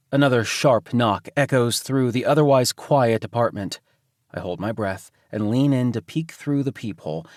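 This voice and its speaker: A man narrating a romance audiobook in the first person, with an even, measured reading. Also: medium pitch, no room sound, studio quality.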